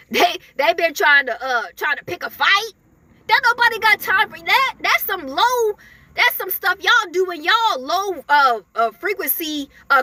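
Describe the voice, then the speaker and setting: A woman's voice: extremely high pitch, pushed and bright, no room sound. A woman giving casual spiritual messages in a chatty way, full of fillers, often laughing. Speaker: spiritual messenger.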